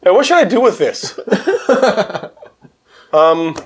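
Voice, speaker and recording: Male host, animated storyteller, laughs often, lively swinging pitch. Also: very slow, husky. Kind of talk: casual storytelling chat.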